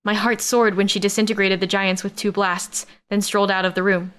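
A woman narrating a science-fiction romance audiobook in the first person, with a steady, expressive reading. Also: mid-range voice, brisk, hardly any pauses, clean tone.

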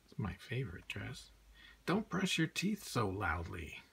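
A man's voice: fairly low pitch, big pitch swings, unhurried, gravelly, fairly bright tone, husky, exaggerated voice. A man voicing a gloomy, moody young girl in a picture book, grumbling her lines. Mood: sulky.

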